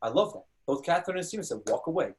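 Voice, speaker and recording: A man's voice: on the high side, racing. A man hosting a panel discussion, telling stories with energy and acting out quoted dialogue. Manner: animated storytelling, acts out quoted dialogue. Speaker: host.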